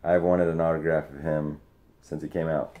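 A man opening sports card mail on camera, chatting excitedly to the friend who sent it. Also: extremely low pitch, normal speed. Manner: excited, talks to the sender directly. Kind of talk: casual unboxing vlog.

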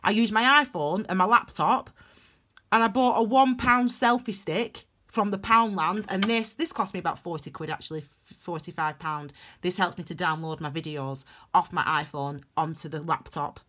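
A young woman giving a casual tarot reading to camera, emphatic and animated, repeating phrases for stress. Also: on the low side, normal speed. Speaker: tarot reader.

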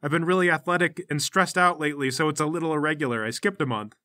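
A man's voice: on the high side, quick pace, bright, forceful tone, dry recording, studio quality. A man voicing a wary, uneasy teenage girl who stammers and hesitates while trying to get out of a bad spot in a tabletop game. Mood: hesitant.

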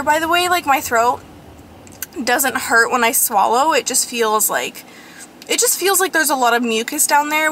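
A young woman vlogging while driving, excitable and chatty, a little sniffly and congested, peppering her talk with "like" and "oh my god". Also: high voice, slight background noise. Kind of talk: casual vlog chat. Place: in a car, driving.

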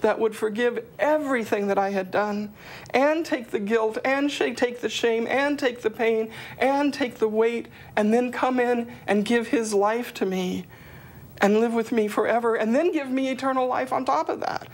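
A middle-aged woman giving an earnest personal testimony of faith, her voice climbing high whenever she quotes her own prayers. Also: normal speed.

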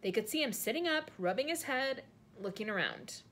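A woman reading a storybook aloud in an expressive narrating voice. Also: a little high, normal speed. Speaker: audiobook reader.

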